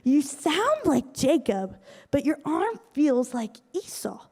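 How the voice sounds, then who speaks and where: A woman's voice: high-pitched, sing-song, slow pace, a little mellow, heavily acted. Woman doing a frail, nearly blind old father. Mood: doubtful. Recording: echoey hall.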